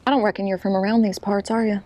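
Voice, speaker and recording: A woman's voice: medium pitch, level tone, fast talker, music in the background, natural voice. A woman playing a stern folksy storekeeper. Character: stern small-town female store owner.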